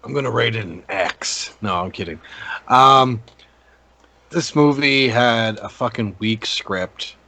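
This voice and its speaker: A man's voice: mid-range voice, slow pace, sharp tone. A man co-hosting a casual movie review podcast, rambling with many ums and restarts. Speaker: podcast co-host.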